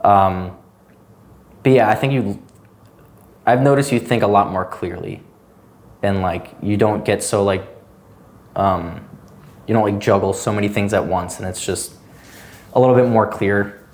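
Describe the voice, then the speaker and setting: A man's voice: fairly low pitch, measured pace, long pauses, a little mellow. A young man chatting casually on a podcast, rambling loosely with lots of "like" fillers. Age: young adult. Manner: rambling, loose, heavy use of "like". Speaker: guest.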